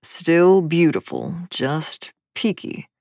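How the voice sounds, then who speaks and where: A woman voicing a tall, affectionate father who speaks in a low, easy, gently amused way in a storybook reading. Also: wildly swooping pitch, slow, gravelly, dry recording, clean studio sound, heavily acted. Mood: fond.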